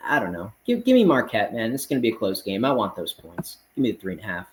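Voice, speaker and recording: A man's voice: fairly low pitch, big pitch swings, quick pace, slight background noise, poor audio. A man hosting a casual betting picks show, running through games in a confident, blunt, brash way and often calling his listeners man. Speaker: sports betting picks host. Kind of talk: casual rapid-fire betting picks monologue.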